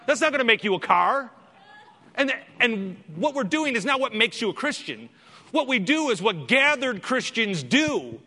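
A male pastor preaches emphatically and keeps firing rhetorical questions. His voice is high and bright. The sermon rings out with a long hall reverb. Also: sing-song, moderate pace. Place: church sanctuary.

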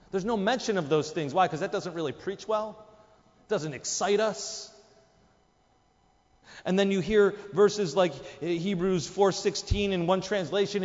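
A man's voice: high voice, big-room sound, highs cut off. A man preaching a sermon, emphatic, his voice jumping up for quoted lines. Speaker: pastor.

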